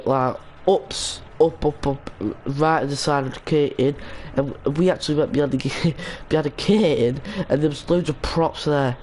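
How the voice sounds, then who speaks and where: A man's voice: medium pitch, darkish tone, slight background noise, poor audio. A young man streaming a game, chatting casually and rambling with lots of restarts and fillers. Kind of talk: casual gaming stream chat.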